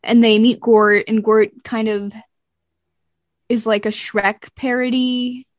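A woman's voice: a little high, takes it slowly, no room sound, studio quality. A woman co-hosting a podcast, chatting casually and animatedly retelling scenes. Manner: animated recapping, acts out lines from scenes. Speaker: podcast co-host. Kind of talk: casual chat.

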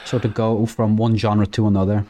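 Man, podcast co-host, easygoing questions, casual chat, mellow tone. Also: fairly low pitch, little pitch movement, normal speed.

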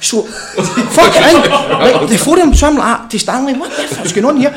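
A man's voice: very high-pitched, animated, normal speed, a loud crowd. A Scottish man telling a funny story as a podcast guest, laughing and swearing as he goes. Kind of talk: casual storytelling.

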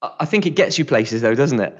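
A man's voice: mid-range voice, animated, fast talker, highs cut off. A man from the West of England near Bristol with a West Country accent, co-hosting a podcast in a casual, rambling, self-mocking way. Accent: West Country English. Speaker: podcast co-host.

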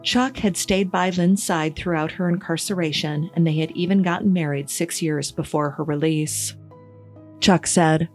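A woman giving scripted true-crime podcast narration in a measured, even storytelling manner. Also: fairly low pitch, faint music behind.

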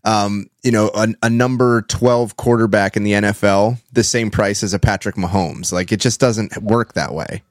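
A man hosting a podcast in casual chat, laid-back with drawn-out fillers. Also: fairly low pitch, steady tone, no echo, studio quality. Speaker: podcast host.

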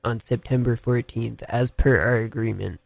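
A man's voice: medium pitch, fairly even intonation, normal speed, gravelly, dry recording. Young male co-host, teasing and mock-serious, dry close-miked voice. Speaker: podcast co-host. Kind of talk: playful casual banter.

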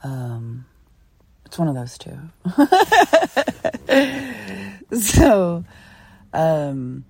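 Woman from philadelphia, podcast host, lowish voice, dry close sound, chatty, laughing, cursing casually. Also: huge pitch swings, extremely slow, vocal fry, pauses often, breathy edge, no room sound. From Philadelphia, USA. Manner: chatty, laughs often, swears freely. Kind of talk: casual solo storytelling podcast.

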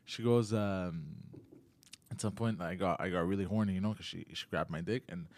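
A man's voice: normal speed, dry recording. Giggly, hesitant male co-host. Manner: laughing, hesitant, many fillers, low mumbling asides. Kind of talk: casual comedic chat.

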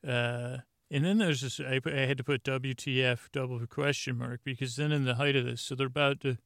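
Flat, gravelly-voiced man recapping casually. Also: medium pitch, fairly quick, no echo, clean studio sound. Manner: rambling, reads from own notes with many fillers. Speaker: podcast host.

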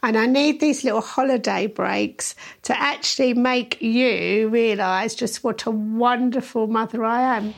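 A woman's voice: fairly high pitch, a little slow, gravelly, hardly any pauses. A middle-aged woman, a mother questioning her son in a teasing, theatrical way. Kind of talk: casual chat.

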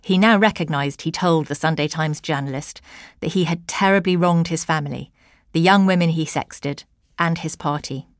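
A woman hosting and narrating an investigative podcast in a measured, deliberate scripted delivery. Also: sits low, no echo, clean studio sound. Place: interview in a hotel room.

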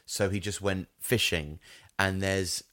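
Bright-voiced man riffing comically. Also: low voice, fairly even intonation, takes it slowly. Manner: rambling, puts on silly voices, laughs often. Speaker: podcast co-host. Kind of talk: comic improvised chat.

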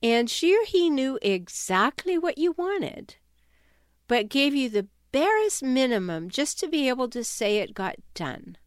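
A woman's voice: on the high side, clean tone, no room sound, clean studio sound. A woman author speaking directly to her listeners in a wry, conversational way, with the odd uneasy laugh. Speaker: self-help author and speaker. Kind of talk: conversational talk to camera or listeners.

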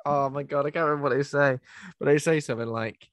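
A man co-hosting a casual film chat, wry and quick to laugh. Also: fairly high pitch, fairly even intonation, no room sound, studio quality. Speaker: podcast co-host.

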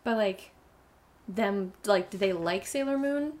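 A young woman chatting casually and retelling a fairy tale in a rambling, animated way. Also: medium pitch, unhurried, over a noisy crowd.

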